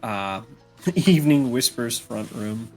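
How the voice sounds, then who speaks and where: Slow, halting male game master. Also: mid-range voice, expressive, darkish tone, soft background music. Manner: slow and halting, with many fillers. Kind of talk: narrating a tabletop game.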